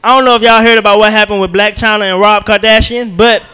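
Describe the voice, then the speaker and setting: A man's voice: high voice, steady tone, fast talker, bright, forceful tone, clear, resonant tone, in a large hall. A man doing a rambling, profane stand-up set at an open mic night. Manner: loose, profane, rambling storytelling with y'all. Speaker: stand-up comedian. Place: comedy club open mic.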